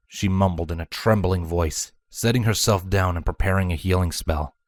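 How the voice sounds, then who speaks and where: A man reading fan fiction aloud as storybook narration, measured and dramatic. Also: sits low, steady tone, dry recording. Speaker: fanfiction reader.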